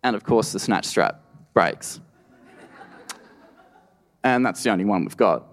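A man's voice: lowish voice, animated, a little slow. An Australian man telling a true story on stage at a live storytelling event, wry and conversational with lots of "you know". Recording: reverberant live hall.

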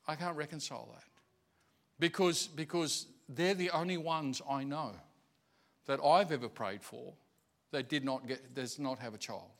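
A male pastor telling a personal story in a sermon, confessional and halting, often repeating words as he searches for them. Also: a little high, a bit bright.

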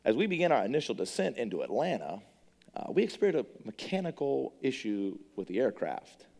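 A man voicing a calm, steady male airline pilot making a reassuring formal announcement. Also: medium pitch, a little fast, gravelly. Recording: long reverb of a large hall.

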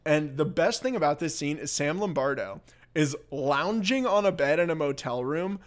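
A man hosts a loose, chatty movie recap with a fairly high voice for a guy. He laughs often and slips in quick impressions of the characters. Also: lively intonation. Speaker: podcast co-host. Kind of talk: casual movie recap chat.

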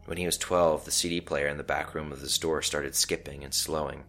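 Storyteller, male, very deep voice, calm measured narration, faint music bed.

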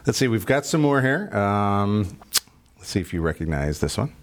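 A man's voice: on the low side, very animated, moderate pace. A man hosting a radio talk show in casual chat, rambling and correcting himself as he goes. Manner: rambling, self-correcting, jokey.

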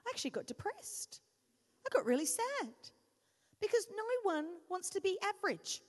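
Woman pastor, high voice, animated sermon storytelling, joking at herself, long reverb in a church hall. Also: moderate pace. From Australia. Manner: animated storytelling, self-mocking humor.

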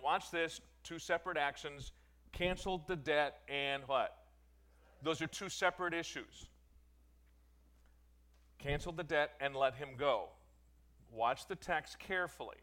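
A man's voice: mid-range voice, a little slow, pushed and bright. A man leading a Bible study, reading scripture aloud and breaking off to explain it with casual, self-correcting asides. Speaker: Bible teacher.

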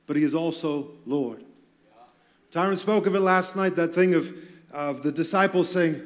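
High-voiced earnest male preacher. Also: normal speed. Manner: earnest, emphatic, with light self-deprecating humor. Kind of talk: sermon to church leaders.

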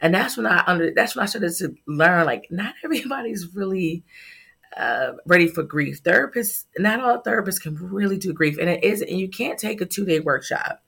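Woman, middle-aged, startup founder, earnest storytelling, bright tone. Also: fairly low pitch, animated, normal speed, gravelly, breathy edge. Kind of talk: podcast interview, personal story.

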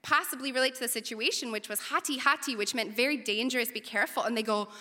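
A young woman telling a personal story to an audience, lively, her voice leaping up when recounting panic. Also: fairly high pitch, fast talker. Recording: reverberant hall.

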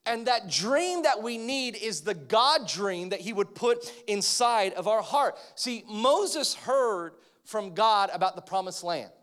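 An American man preaching a sermon to a congregation, talking in an energetic, joking way that rises to emphatic points. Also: high-pitched, slow, few pauses. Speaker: pastor. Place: church, in front of a congregation.

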